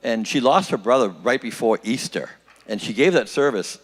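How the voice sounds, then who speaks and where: Man, church announcements, halting with fillers, medium pitch, long hall reverb. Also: expressive. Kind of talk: casual announcements.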